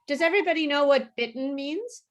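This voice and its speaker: A woman teaching English pronunciation in an online class, saying words clearly and patiently for students to repeat. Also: sits high, lively intonation, a little fast.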